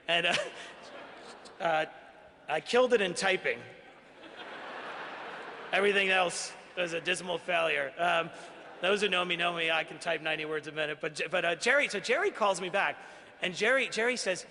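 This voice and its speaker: A man's voice: high voice, normal speed, creaky, long pauses, noisy background. A man from Queens, New York, giving an earnest, self-deprecating acceptance speech as an award honoree at a gala. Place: large banquet hall. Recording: echoey banquet hall.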